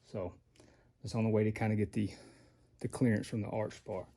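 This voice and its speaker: A man's voice: lowish voice, little pitch movement, brisk, warm tone. A man giving a casual how-to while he works on a vehicle, plain-spoken and out of breath. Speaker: off-road parts maker showing an install.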